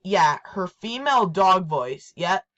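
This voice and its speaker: A woman's voice: fairly low pitch, animated, slow pace, fairly bright tone, muffled recording. A woman presenting her toy collection in a casual show-and-tell, repeating herself and restarting her sentences often. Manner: repetitive, hesitant, restarts often.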